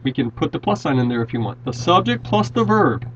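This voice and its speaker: A man's voice: fairly high pitch, sing-song, brisk, slight background noise. A man teaching a grammar lesson, patiently walking through example sentences and often restarting his words. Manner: patient, repeats and restarts words while explaining. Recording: dull lo-fi classroom recording.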